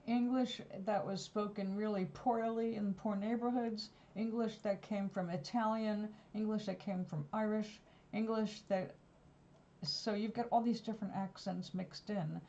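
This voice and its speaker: A woman talks in a loose, wandering way, drifting from one story to the next. Her voice is mellow and soft-edged. The recording sounds a little dull and lo-fi. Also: mid-range voice, steady tone, unhurried. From New York. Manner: rambling, digressive storytelling. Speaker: vlogger. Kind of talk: casual chat.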